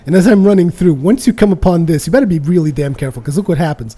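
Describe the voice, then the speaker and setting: A man giving casual, rambling voice-over commentary on his own gameplay, excitable and quick to swear. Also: a little high, husky. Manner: rambling and excitable, swears freely, repeats words. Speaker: let's play commentator.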